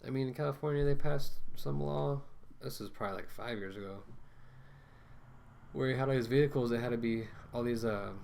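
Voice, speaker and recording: A man's voice: mid-range voice, brisk, creaky, a little mellow, slight background noise. A man ranting casually to camera as a vlogger, rambling with many fillers and restarts, talking through a mask.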